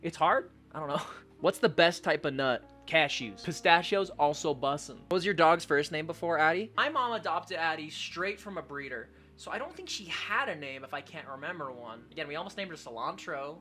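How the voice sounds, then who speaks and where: A young man chats through fan questions, his pitch leaping all over the place. His voice is bright and sits a little high, and soft music plays behind him. He jokes and swears freely. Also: moderate pace. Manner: animated, jokey, swears often, does high silly voices in stories. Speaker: content creator. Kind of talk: casual Q&A vlog.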